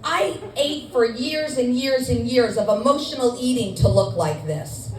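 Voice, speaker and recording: A woman's voice: fairly high pitch, measured pace. Self-deprecating woman comic in an echoey club. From Scarsdale, New York. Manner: self-deprecating, chatty, with filler ums. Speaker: stand-up comedian. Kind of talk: stand-up set. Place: comedy club stage with audience. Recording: echoey club from far off, faint noise.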